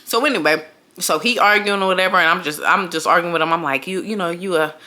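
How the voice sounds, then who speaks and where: A woman's voice: on the low side, fast talker, bright, forceful tone. A woman vlogger telling a story in a casual, slangy way, acting out the voices of her friends.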